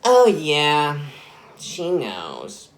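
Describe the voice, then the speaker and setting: A man voicing an adult woman, a party guest who speaks in a slow, oddly seductive way. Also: sits low, wildly swooping pitch, heavily acted. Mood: sly. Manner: slow, suggestive, drawn-out.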